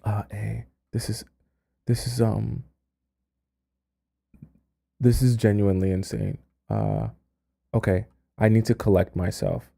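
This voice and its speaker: A man's voice: lowish voice, expressive, takes it slowly, vocal fry, long pauses, mellow, husky. A man hosting a dating-advice live stream, reading a letter aloud and stammering in disbelief, trailing off into mutters. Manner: stammering, incredulous, dropping to mutters and breaking into laughter.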